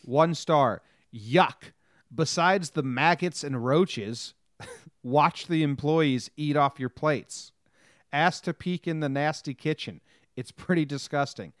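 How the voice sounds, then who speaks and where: A man co-hosting a podcast in casual chat, reading things out in a wry, deadpan way. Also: on the high side, slow, no room sound, studio quality. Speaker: podcast co-host.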